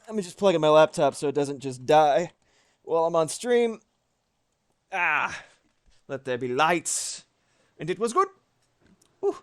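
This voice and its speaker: Working on animation during a live stream, this thirtysomething man speaks at a moderate pace in a slightly high voice. He keeps things easygoing, reading out chat messages, chatting with viewers, and dropping the occasional curse.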